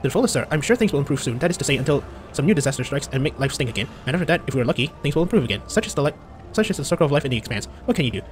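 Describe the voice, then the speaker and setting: A man's voice: a little high, very animated, very fast, a little hiss or hum. A man reading aloud a weary bartender woman's lines from game text, in his own voice.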